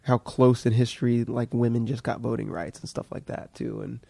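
Gravelly, mellow-voiced man hosting a podcast. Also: medium pitch, moderate pace, dry recording. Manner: relaxed, loose, swears freely. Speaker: podcast host. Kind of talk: casual conversation with a friend.

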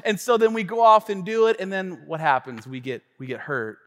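A man preaching a sermon as pastor, telling a story in an animated, conversational way with frequent asides to the congregation. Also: high-pitched, brisk, long reverb tail. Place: church sanctuary.

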